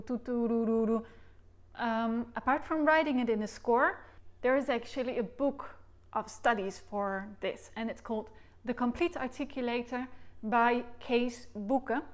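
Brief: woman music teacher, fairly high voice, calm instructional video delivery, sings tonguing syllables to demonstrate. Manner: demonstrates articulation by singing syllables; clear, patient explanations. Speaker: recorder teacher.

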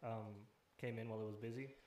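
Fast-talking young man, echoey room. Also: on the low side. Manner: profane, animated storyteller acting out other people. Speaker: podcast host. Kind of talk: casual chat among friends.

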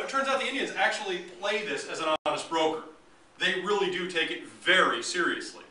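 A man's voice: high-pitched, pushed and bright. A man giving a public history lecture, joking and acting out the voices of both sides. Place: lecture hall. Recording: echoey hall, mic from a distance, faint room noise.

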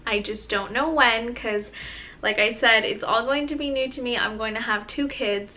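Bright-voiced pregnant woman vlogging. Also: on the high side, moderate pace, low-quality recording. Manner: emotional, gushing and sincere. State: heavily pregnant. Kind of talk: casual vlog talk to camera.

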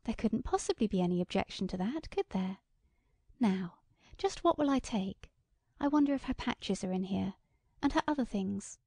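A woman voicing a timid sheriff's wife who speaks softly and hesitantly. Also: medium pitch, animated, moderate pace, breathy edge, dry recording. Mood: polite. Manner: hesitant, soft and shrinking.

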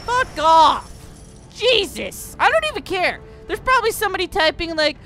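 A young woman giving gameplay commentary at a desk microphone, swearing constantly and breaking into angry shouted outbursts. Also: very high-pitched, big pitch swings, normal speed, faint music behind. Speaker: let's play host.

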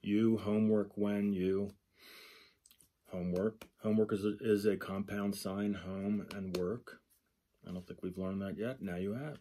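A man's voice: low voice, fairly even intonation, moderate pace, mellow, breathy edge. A man giving a lecture, working through a textbook page by page, thinking aloud and repeating example phrases. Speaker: sign language instructor.

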